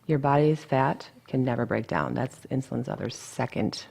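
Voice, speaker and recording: A woman's voice: rumbling low, moderate pace, vocal fry, a little mellow, slightly rough. A woman dietitian talking casually in an interview, blunt and chatty, full of asides.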